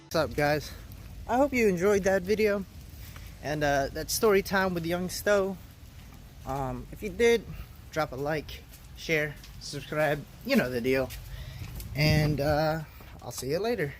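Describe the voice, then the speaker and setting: A man hosting the channel, giving a relaxed video outro. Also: on the high side, measured pace, pauses often, a little hiss or hum. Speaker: channel host.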